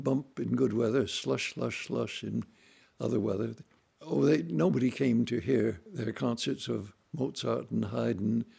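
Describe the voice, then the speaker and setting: A man telling family stories in a relaxed, folksy way, acting out voices and sounds as he goes. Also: mid-range voice, gravelly, breathy edge. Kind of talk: relaxed anecdotal storytelling.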